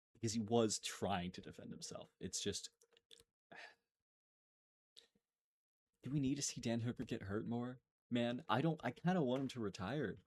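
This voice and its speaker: A man's voice: on the low side, darkish tone. A young man giving a casual, profane, rambling recap of fights, often breaking off and restarting his sentences. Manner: profane, rambling, self-interrupting. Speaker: MMA commentary YouTuber.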